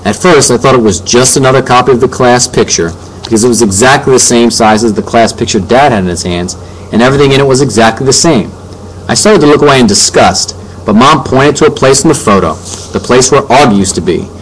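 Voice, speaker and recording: A man narrating a first-person story as an audiobook reader, in plain, steady tones. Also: mid-range voice, fast talker, a little hiss or hum, low-quality recording.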